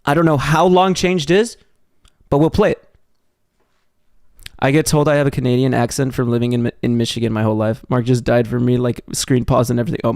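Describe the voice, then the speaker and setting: Young man, from Texas, live streamer, casual chat, lots of fillers, slightly high voice. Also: no room sound. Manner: rambling, heavy on fillers and restarts.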